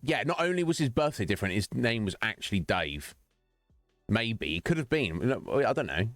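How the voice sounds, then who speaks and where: A man hosts a live stream, chatting loosely with viewers and breaking into laughter at his own jokes. His voice sits fairly low but moves through a lively, animated pitch range. The recording is dry, with faint music underneath. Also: moderate pace, dry recording. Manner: chatty, rambling, joking, laughs often. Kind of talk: casual chat with viewers.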